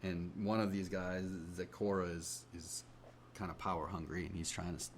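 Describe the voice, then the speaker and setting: A man co-hosting a podcast, talking through a comic in a relaxed, hesitant way with many fillers. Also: deep voice, moderate pace, a little hiss or hum. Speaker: podcast co-host. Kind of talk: casual chat about comics.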